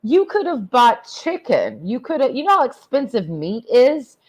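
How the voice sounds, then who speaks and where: A woman's voice: a little high, huge pitch swings, moderate pace, slightly rough. A woman livestreaming a blunt, crude, rambling rant while tipsy from drinking. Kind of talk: profane ranting livestream monologue.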